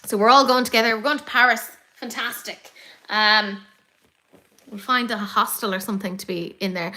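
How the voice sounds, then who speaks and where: An Irish woman hosting a casual beauty livestream, chatty and excitable, gasping and swearing as she reads comments. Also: fairly high pitch, moderate pace. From Ireland. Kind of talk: casual chat reading live comments.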